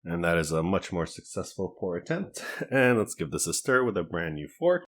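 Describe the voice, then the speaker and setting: Man, food reviewer, casual chat to camera, low voice, lively pitch. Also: normal speed. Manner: relaxed, chatty, thinks aloud while cooking and tasting.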